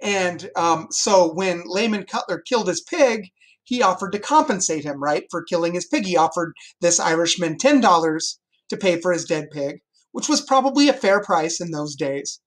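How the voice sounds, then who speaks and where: A man's voice: high voice, normal speed. Guy teaching history to his class, jokey and upbeat, points stuff out as he goes. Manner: lively, joking, explains with a map.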